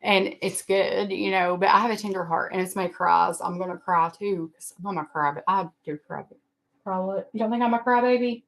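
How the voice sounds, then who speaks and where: A woman's voice: mid-range voice, fairly quick, creaky. A middle-aged woman, hosting a casual livestream and talking in a rambling, emotional, self-deprecating way. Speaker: livestream host. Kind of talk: casual live-stream chat.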